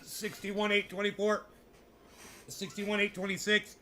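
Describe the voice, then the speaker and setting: A man with a high, bright voice doing casual live commentary for his viewers. He rambles, swears freely and talks loosely to his chat. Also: monotone, a little slow, a little hiss or hum. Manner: rambling, profane, talking to chat. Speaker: crypto livestreamer.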